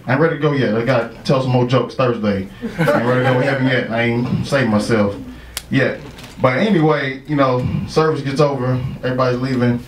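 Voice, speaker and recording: Brisk and mid-range, this man's voice carries a stand-up bit loaded with swearing as he laughs at his own punchlines. Crowd noise fills the echoey room.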